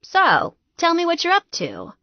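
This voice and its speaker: A woman narrator voicing a bossy, exasperated woman friend who talks briskly and scolds in a raised voice. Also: very high voice, wildly swooping pitch, no echo, muffled recording, voice pushed up, exaggerated voice. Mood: curious.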